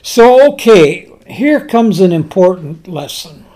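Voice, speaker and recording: Male preacher, unhurried Bible teaching, leans on key words. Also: high-pitched, big pitch swings, warm tone. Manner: slow, deliberate Bible teaching with emphatic pauses. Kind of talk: sermon.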